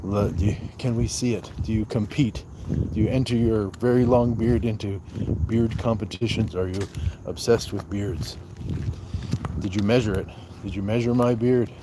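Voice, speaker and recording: A man from the Southwest United States hosts a relaxed livestream, reading chat messages aloud and firing back quick, joking replies. His voice sits on the lower side. A faint outdoor hum of insects and passing traffic lingers behind him. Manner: playful, bantering, answers chat in quick asides. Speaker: livestream host. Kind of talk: casual livestream chat reading viewer comments. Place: outdoors on a walk.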